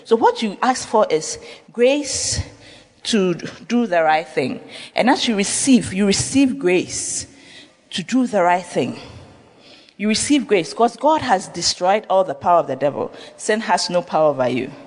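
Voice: medium pitch, expressive, a little slow. A pastor delivering an emphatic sermon, repeating phrases and firing rhetorical questions at the congregation. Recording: long reverb of a large hall.

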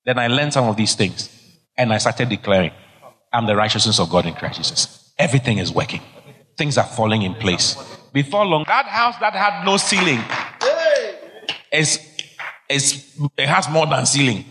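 A man's voice: medium pitch, lively intonation, normal speed, long pauses, pushed and bright. A middle-aged man preaching a sermon, emphatic and exhorting, repeating key phrases. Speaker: pastor. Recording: long hall reverb.

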